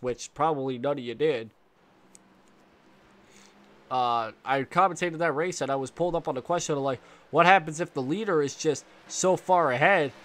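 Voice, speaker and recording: A young man with a stuffy, congested voice doing play-by-play commentary of a sim race, rambling with fillers and restarts and jumping up at the close moments. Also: a little high. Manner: rambling with fillers and restarts, excited bursts at contact. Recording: faint engine noise behind.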